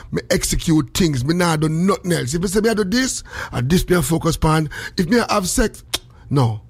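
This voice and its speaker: A man speaking patois in casual chat, rambling and animated with a sing-song lilt. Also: a little high, breathy edge.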